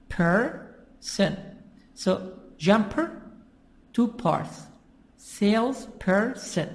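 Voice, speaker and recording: A teacher explaining English pronunciation slowly, with lots of repetition. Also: mid-range voice, darkish tone. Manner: slow, repetitive and patient. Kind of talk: classroom explanation.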